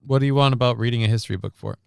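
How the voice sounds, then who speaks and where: A man's voice: mid-range voice, steady tone, racing, vocal fry, a little mellow, smooth, no echo, clean studio sound. A man streaming casual reaction commentary on a news clip, sarcastic and rambling, reading chat comments aloud.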